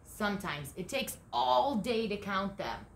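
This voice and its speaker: A woman voicing a chatty, boastful male squirrel who loves counting his nuts, speaking high and excited. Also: measured pace, gravelly, slight background noise. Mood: eager. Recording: echoey room.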